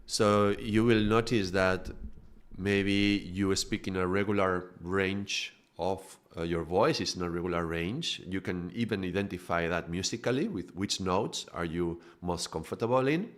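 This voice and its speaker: Low-voiced man teaching yoga ideas. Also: measured pace. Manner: explanatory, demonstrates with his own voice. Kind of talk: live spiritual talk.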